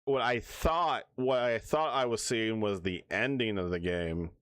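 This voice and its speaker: A man's voice: on the low side, unhurried, fairly bright tone, clear, resonant tone, dry recording, clean studio sound. A man livestreaming, chatting casually and rambling as he plans his next streams, with hiccups. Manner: rambling, restarts often, hiccups.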